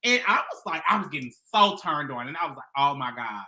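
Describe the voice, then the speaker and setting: A woman's voice: deep voice, fast. A woman co-hosting a casual chat show, telling stories with lots of laughter. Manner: animated storytelling, laughing often. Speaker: co-host.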